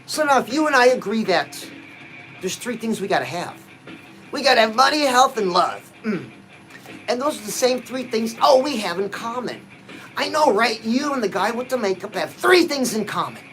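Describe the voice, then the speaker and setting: A man's voice: very high-pitched, sing-song, moderate pace, fairly bright tone, soft background music, low-quality recording. A man giving a punchy, exhorting motivational pep talk to his viewers, dropping frequent "oh"s as he talks. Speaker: motivational livestream host.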